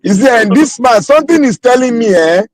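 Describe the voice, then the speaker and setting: A man with a Nigerian accent, debating politics in an animated way and often talking over the other speaker. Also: very high-pitched, a little fast, low-quality recording. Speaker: political commentator. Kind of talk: casual political debate in Nigerian Pidgin and English.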